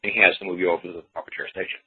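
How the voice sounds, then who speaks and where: A man's voice: deep voice, flat delivery, rapid-fire, slightly rough. Man talking over a tinny phone line. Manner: rambling, folksy, repeats phrases. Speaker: radio show host. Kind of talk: casual talk radio monologue.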